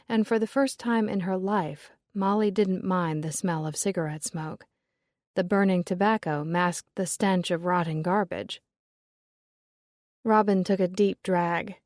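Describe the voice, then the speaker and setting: A woman narrating a cozy mystery novel in an even, measured storytelling voice. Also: mid-range voice, dry recording, studio quality. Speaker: audiobook narrator. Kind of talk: scripted narration.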